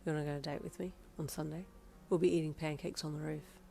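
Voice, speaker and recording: A woman reading a fan story aloud, voicing a teenage boy who talks softly and teasingly, with an air of mystery. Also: low voice, steady tone, quick pace, creaky, faint music behind.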